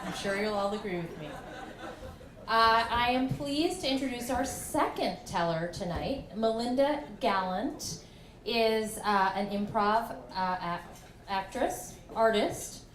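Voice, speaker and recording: A woman hosting a live storytelling night, introducing the next teller in a halting way. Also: mid-range voice, slight background noise. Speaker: event host. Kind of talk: introducing a speaker. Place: tavern with live audience. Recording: echoey room.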